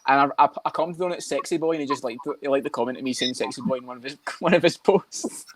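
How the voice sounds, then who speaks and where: A man co-hosting a podcast, chatting fast and loose with lots of swearing and jokes. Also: medium pitch, noisy background. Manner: fast, swearing banter, doing fighter impressions. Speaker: podcast co-host. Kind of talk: casual chat.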